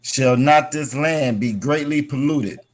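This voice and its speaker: A man with a voice of average pitch reads scripture verses aloud for the class. His delivery is plain and measured. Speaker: student reading scripture aloud.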